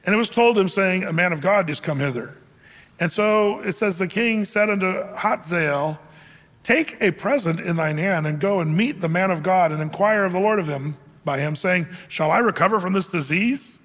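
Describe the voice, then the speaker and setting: A man's voice: sits high, normal speed, in a large hall. A man preaching a sermon, reading scripture aloud and breaking in with joking asides and acted-out voices. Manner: animated, jokey asides, acts out quoted voices. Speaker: pastor.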